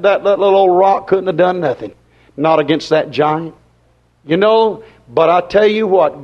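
A man with a high voice delivers a folksy, dramatic sermon, swinging between loud and soft and acting out voices along the way. The recording sounds dull and lo-fi.

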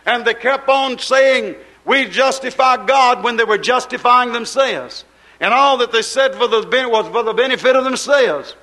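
A man preaching a sermon in an impassioned, rhythmic, repetitive way, with folksy colloquial grammar, swinging between raised exhortation and quiet asides. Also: very high-pitched, normal speed, rough recording.

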